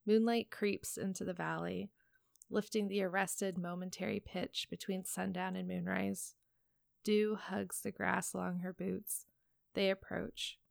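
A woman reading a story aloud in a calm, even voice, then chatting casually with co-hosts. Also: medium pitch, unhurried, gravelly, dry recording, clean studio sound. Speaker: reader and podcast co-host. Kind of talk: reading fan fiction aloud.

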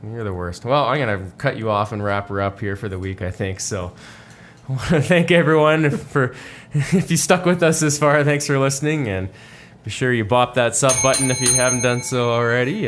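A man co-hosting a sports podcast in a relaxed, rambling chat with many fillers. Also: mid-range voice, moderate pace, a little hiss or hum. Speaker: podcast host. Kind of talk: casual chat.

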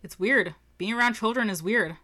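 A woman's voice: fairly high pitch, moderate pace, pushed and bright. A young woman in casual chat, dry and blunt, swearing freely.

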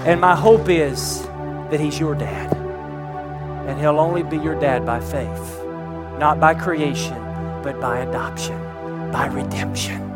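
A man's voice: on the high side, unhurried, pauses often, loud music behind the voice. A man preaching a sermon as pastor, building intensity toward emphatic points.

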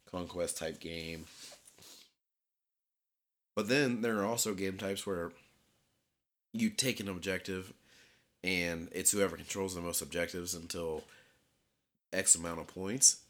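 Man, lowish voice, casual podcast co-host, rambling, laughs a lot. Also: measured pace, long pauses. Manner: rambling, laughs often, reads labels aloud loudly. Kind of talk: casual chat.

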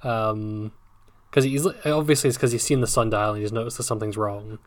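A man's voice: on the low side, fairly even intonation, a little fast, no echo. Dry, sardonic man with an English accent. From England. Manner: dry, sardonic, swears freely. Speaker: podcast co-host. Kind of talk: casual book discussion chat.

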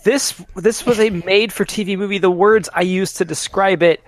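A man's voice: high-pitched, steady tone, normal speed. Wry, joking male co-host. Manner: joking, laughs a lot, wry. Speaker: podcast co-host. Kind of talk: casual film podcast chat.

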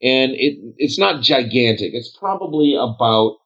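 A man narrating as game master in a tabletop role-play game, rambling and pausing to search for words. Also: mid-range voice, animated, a bit bright. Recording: dull lo-fi sound.

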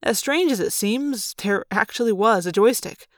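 A woman narrating a novel in first person with a plain, even telling. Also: mid-range voice, moderate pace, no room sound, clean studio sound. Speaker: audiobook narrator. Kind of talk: storybook narration.

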